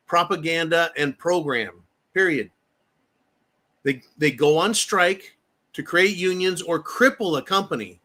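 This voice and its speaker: A man's voice: a little high, sharp tone. A man hosting heated political commentary, ranting angrily with profanity and repeating phrases for emphasis. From United States.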